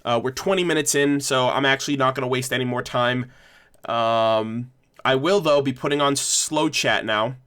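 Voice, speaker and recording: A man's voice: medium pitch, fairly even intonation, normal speed, fairly bright tone, clear, resonant tone. A young man hosting a casual livestream discussion, rambling with many restarts as he thanks viewers. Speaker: livestream host.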